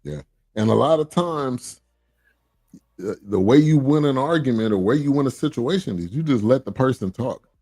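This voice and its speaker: A man hosting a podcast, agreeing often and explaining in a steady, casual way. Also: mid-range voice, moderate pace, no room sound. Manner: agreeable, steady explaining with frequent "right" and fillers. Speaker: podcast host. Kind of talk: casual chat.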